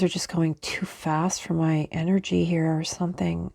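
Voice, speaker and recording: A woman with a slightly low voice talks through a spiritual channeling session. Her delivery is halting and rambling, full of restarts. She keeps breaking off to answer unseen spirits. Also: little pitch movement, vocal fry, a little mellow. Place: lives in Canada.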